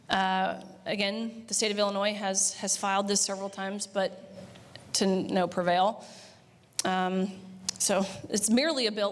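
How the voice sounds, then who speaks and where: Young woman speaking in a reverberant hall. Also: medium pitch. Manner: conversational with frequent "uh" fillers, blunt and emphatic. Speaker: banquet speaker. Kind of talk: speech at a banquet. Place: banquet hall.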